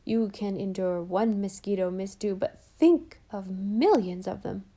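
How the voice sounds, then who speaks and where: A fretful housekeeper, read by a woman, pours out her woes in a mellow, warm voice. She talks solemnly and imploringly, making every grievance sound dramatic. It is an audiobook character voice. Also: mid-range voice, unhurried, lightly acted. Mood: solemn complaint.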